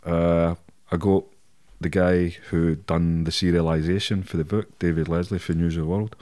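A man's voice: low-pitched, flat delivery, normal speed, dark tone. A middle-aged Scottish man telling stories in a casual interview, swearing often and laughing through his anecdotes. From Scotland. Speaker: podcast guest.

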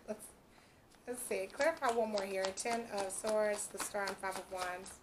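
A woman's voice: medium pitch, measured pace, background noise. A woman doing a casual tarot reading, chatty, breaking into frequent laughs. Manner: chatty, laughs often, quotes imagined speech. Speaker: tarot reader.

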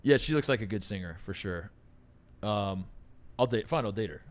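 A man co-hosting a sports podcast in casual chat, incredulous and quick to get worked up. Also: lowish voice, expressive, crowd noise. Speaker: podcast co-host.

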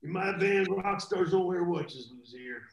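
A man's voice: high-pitched, lively intonation, unhurried, vocal fry, reverberant, voice pushed up, exaggerated voice. A man doing an impression of a bossy, brash rock frontman while telling a story. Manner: bossy, clipped remarks.

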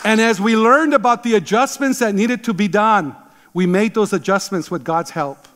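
Pastor, man in his 60s, emphatic sermon delivery, high voice, long hall reverb. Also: moderate pace, a bit bright, some chatter behind. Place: church sanctuary.

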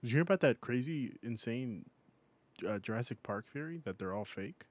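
A man co-hosting a podcast in casual chat, speaking softly and haltingly. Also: medium pitch, animated. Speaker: podcast co-host.

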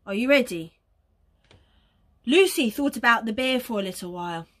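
A woman teacher reading a picture book aloud to young children, animated, gasping and coaxing them to join in. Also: fairly high pitch, moderate pace. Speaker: early years teacher.

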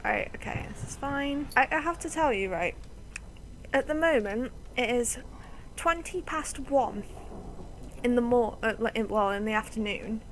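A woman's voice: fairly high pitch, expressive, a little slow, a little hiss or hum. A woman co-hosting a gaming video, commenting casually in a giggly, chatty, jokey way.

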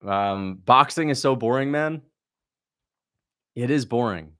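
A man's voice: mid-range voice, lively intonation, slow pace, bright, forceful tone. A young man hosting a livestream, chatting casually, blunt and sarcastic as he reads out viewer questions and mocks what he sees. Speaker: livestream host reacting to a fight.

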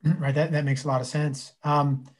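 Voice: mid-range voice, flat delivery, moderate pace. A moderator reads audience questions aloud at a lecture. The delivery is hesitant, with many fillers between phrases.

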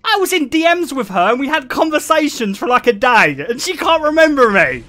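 A man's voice: extremely high pitch, very animated, brisk, sharp tone. A young man streaming, chatting casually in a crude, joking way and laughing often.

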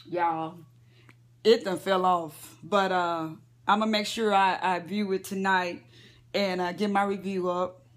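A woman's voice: fairly low pitch, steady tone, slow. A woman vlogger lying in bed at home, gossiping about celebrities in a chatty, profane way and talking straight to her viewers. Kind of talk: casual celebrity gossip rant.

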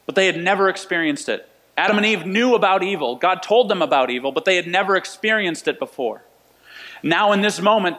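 A man's voice: on the high side, fairly bright tone. A male pastor preaching a conversational sermon in a church sanctuary, repeating key phrases for emphasis. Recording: long reverb of a church hall.

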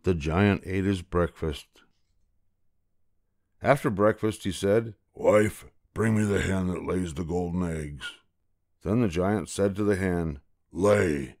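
An older man reading a children's fairy tale aloud in a slow, gentle storytelling manner. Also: low-pitched, dry recording, studio quality.

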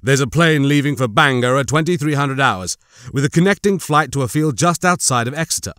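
A man voicing a calm male team leader who speaks formally and lays out plans in a measured way, in an audiobook. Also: medium pitch, dry recording, studio quality, natural voice.

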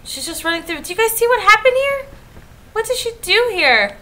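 A woman giving jumpy, talkative let's-play commentary, often yelling at the game. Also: very high voice, big pitch swings, fairly quick. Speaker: gaming YouTuber.

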